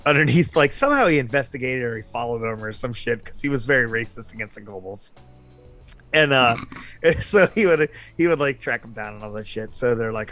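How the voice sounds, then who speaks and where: A man's voice: mid-range voice, lively intonation, brisk, fairly bright tone, soft background music. A man telling a rambling, profanity-heavy story from a tabletop game, laughing often. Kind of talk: casual storytelling.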